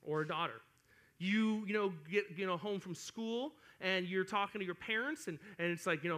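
Bright, animated young male youth preacher. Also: high-pitched, moderate pace. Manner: animated, acts out whiny kids. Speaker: youth pastor. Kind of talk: sermon to students.

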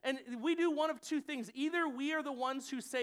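A man preaching in a relaxed, conversational way to a gathered room. He keeps it chatty and animated and slips into quick acted-out voices of what people might think or say. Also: very high voice. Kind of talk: sermon. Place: church room with audience.

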